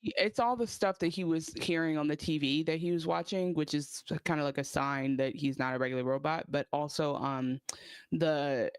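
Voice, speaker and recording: A woman's voice: low voice, normal speed, clean tone, no echo. Thoughtful woman co-host, dry mic. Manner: thoughtful, hesitant with fillers. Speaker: podcast co-host. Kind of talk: casual TV recap chat.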